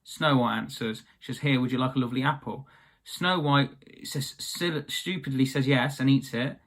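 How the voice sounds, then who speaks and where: A young man casually retelling a fairy tale, chatty and rambling with offhand asides. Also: medium pitch.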